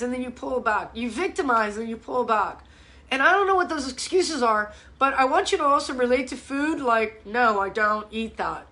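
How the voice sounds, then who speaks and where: Animated, bright-voiced woman fitness coach. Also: high-pitched. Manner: blunt, animated, swears freely. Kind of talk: live-stream chat. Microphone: phone or webcam mic.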